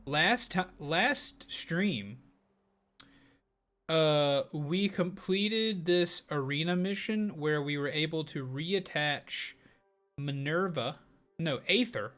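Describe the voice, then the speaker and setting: A man's voice: a little high, takes it slowly, fairly bright tone, soft background music. A man streaming a game live, chatting casually and upbeat, often thanking viewers. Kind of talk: casual live gaming commentary.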